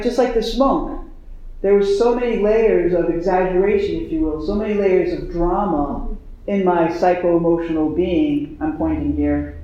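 A man's voice: high-pitched, warm tone. A man telling a personal story in a dharma talk, chatty and self-mocking, with lots of fillers. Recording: echoey dull hall recording.

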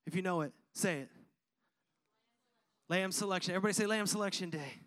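Guy preaching in a church, high voice, builds with repeated lines and gets the crowd to answer. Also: fairly quick, fairly bright tone. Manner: preaching with call-and-response and rising emphatic repetition. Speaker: pastor. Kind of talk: sermon.

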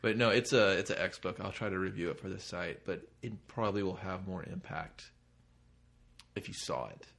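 A man's voice: low-pitched, normal speed, creaky, fairly bright tone. A man co-hosting a comics podcast, chatting loosely with rambling, crude jokes. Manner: jokey, rambling, crude humor. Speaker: podcast co-host. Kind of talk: casual chat.

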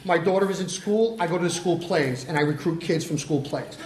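A man's voice: on the high side, fairly quick, crowd noise. An older man, a filmmaker, telling stories in a casual chat and acting out what people said. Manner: animated, acts out quotes. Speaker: guest filmmaker. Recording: roomy echoey room.

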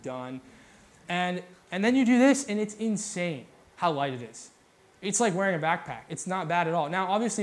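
Young adult male pastor, sermon delivery, loose and conversational, a touch higher in pitch. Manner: conversational, many fillers and restarts.

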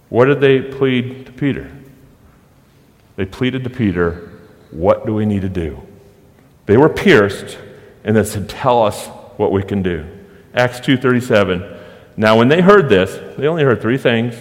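Low-voiced pastor preaching emphatically. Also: male voice, expressive, long reverb tail. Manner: emphatic, with rhetorical questions and dramatic pauses. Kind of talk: sermon.

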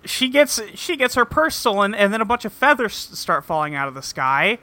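A man with a very bright, slightly high voice chats casually through a recap of TV episodes. He jumps into quick impressions of the characters and swears offhandedly. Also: big pitch swings, no echo. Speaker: podcast host recapping a show.

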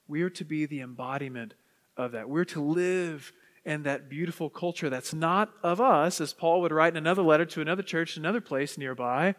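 Man, priest, high voice, sermon, long church reverb. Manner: animated, swings from hushed to exuberant shouts. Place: church sanctuary.

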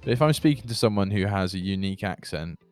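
Lively-voiced man chatting on a podcast. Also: sits low, fast talker, soft background music. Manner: rambling, self-interrupting, jokey. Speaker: podcast co-host. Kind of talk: casual chat.

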